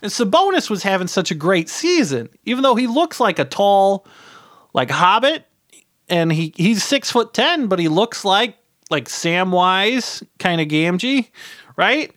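A man's voice: high voice, very animated, unhurried, a bit bright, dry recording, studio quality. A middle-aged man telling a rambling comic story as a podcast guest, stumbling over repeated words and tagging his lines with "right?".

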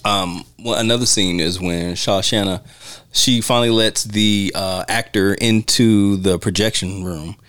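A man's voice: fairly low pitch, measured pace. A man hosting a film podcast, chatting casually and acting out quotes as he retells scenes. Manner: animated retelling, acts out quotes. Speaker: podcast host.

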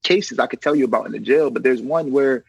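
A man who works as a correction officer, telling stories in a casual, animated way and acting out the voices of the people in them. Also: mid-range voice, quick pace, vocal fry, breathy edge, dry recording, muffled recording. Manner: animated, acts out quoted voices, fills with "you know what I mean". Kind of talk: casual storytelling in an interview.

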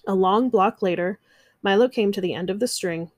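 A woman reading a children's picture book aloud, gentle and expressive. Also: medium pitch, normal speed, no room sound, studio quality. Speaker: narrator. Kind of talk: children's storybook read-aloud.

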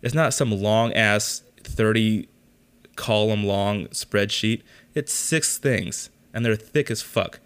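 A man's voice: on the low side, takes it slowly, clear, resonant tone. A young man hosting a podcast, telling a story in a casual rant, exasperated and full of swearing. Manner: exasperated, profane ranting. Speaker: podcast host.

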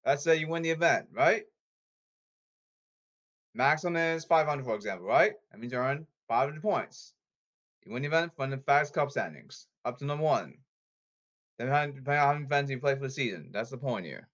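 A man's voice: mid-range voice, lively intonation, a little fast, a bit bright. A man talking casually to his audience, rambling and repeating himself as he jumps between topics. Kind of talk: casual rambling talk to camera.

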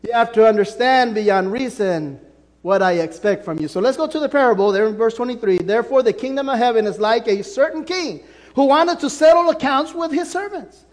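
A man preaching a sermon in a notably high voice, pushing certain words loud and letting others drop to almost nothing. His delivery is emphatic and sweeping. The sound carries a long reverb, like a large church hall. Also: animated, fairly quick. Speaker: pastor.

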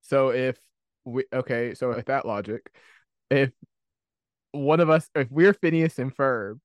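A man's voice: mid-range voice, a little slow, no room sound, studio quality. A man co-hosting a casual podcast chat over a call, teasing and a bit sassy. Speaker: podcast co-host. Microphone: remote call mic.

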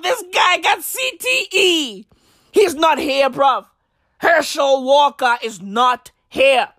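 A high, bright-voiced man hosts a podcast in a loose, ranting style, excitable and profane and looping back on the same lines. He talks slowly and deliberately between bursts of laughter, and the sound is dry and close. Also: no room sound. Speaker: podcast host. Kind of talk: ranting casual commentary.

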